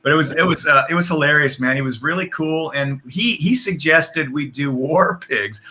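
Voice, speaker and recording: A man's voice: a little high, moderate pace, pushed and bright. A middle-aged man, a guest musician, telling stories in a casual, rambling interview over a video call. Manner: rambling, with restarts and laughter.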